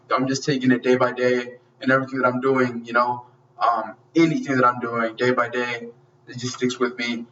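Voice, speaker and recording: A man casually retelling an action movie scene by scene, excited, swearing a lot and making gunfire sounds. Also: medium pitch, recorded from a distance, muffled recording. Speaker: movie reviewer.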